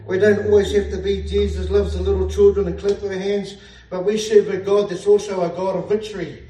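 A pastor delivers a fervent sermon, often crying out hallelujah and laughing at his own jokes. He speaks briskly in a high, mellow, level voice, far from the mic in an echoey room.

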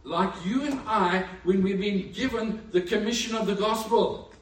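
A man preaching a sermon with animated storytelling, who lives in Africa. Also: high voice, moderate pace. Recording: echoey room, far from mic.

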